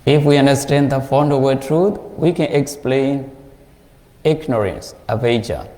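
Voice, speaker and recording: A male Buddhist monk with a Burmese accent, teaching a class and explaining points slowly with a lot of repetition. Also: mid-range voice, warm tone, roomy sound, in a large hall. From Myanmar.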